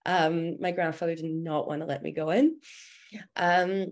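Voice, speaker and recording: A woman's voice: low voice, fairly even intonation, a little slow. A young woman presenting at a film discussion, telling a family story earnestly, with frequent "um" fillers. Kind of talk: personal talk at a presentation.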